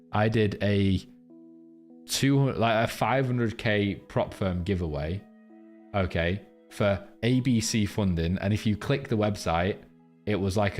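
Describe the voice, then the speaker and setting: A man's voice: on the low side, darkish tone. A man live-streaming, chatting crudely with his viewers and rambling between jokes and a chart lesson. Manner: crude, joking, rambling banter with chat.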